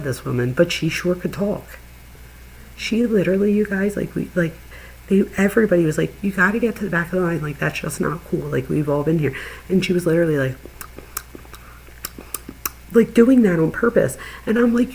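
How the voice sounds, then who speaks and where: A middle-aged woman and channel host, chatting casually with viewers and telling an animated story, laughing as she goes. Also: low-pitched, normal speed, long pauses, a little hiss or hum, poor audio. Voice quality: gravelly, husky. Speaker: true crime channel host.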